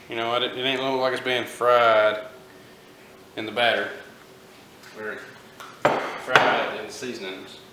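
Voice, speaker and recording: A man hosting a casual cooking vlog in a kitchen, talking in a laid-back, folksy way. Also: lowish voice. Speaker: fishing channel host. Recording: echoey kitchen, mic far off, noisy. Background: frying and sizzling.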